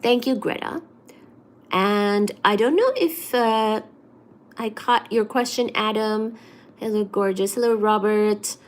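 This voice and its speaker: A woman chats casually on a livestream, reading her chat and greeting viewers one after another by name. She speaks at a slow, unhurried pace in a medium pitch. Her delivery is soft and loose, with frequent ums and pauses.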